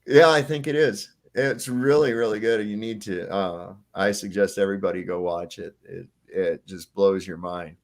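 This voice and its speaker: A man's voice: on the low side, normal speed, few pauses. Rambling, profane podcast man. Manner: rambling, profane, laughs often. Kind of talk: casual chat.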